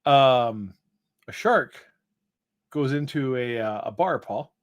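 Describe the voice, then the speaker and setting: A man co-hosting a relaxed late-night live stream, telling a meandering joke at an unhurried pace. He stops and restarts often, with plenty of filler words. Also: medium pitch, muffled recording. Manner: rambling, hesitant joke-telling with many fillers. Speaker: co-host. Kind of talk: casual chat.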